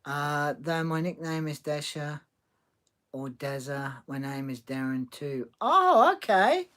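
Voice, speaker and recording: A man hosting a casual livestream, talking haltingly with many restarts and reading chat comments aloud. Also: medium pitch, completely flat delivery, a bit bright, smooth.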